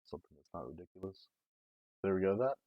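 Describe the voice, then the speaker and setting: A deep-voiced man talks fast and expressively while streaming a programming lesson, thinking aloud in a rambling, casual live-coding walkthrough packed with fillers. A close desk mic gives the recording a dull, dry sound.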